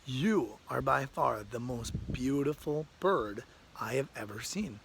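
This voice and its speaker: A man voicing a humble, wide-eyed crow that gets excited and awestruck easily. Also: medium pitch, normal speed, creaky, background noise. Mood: awed.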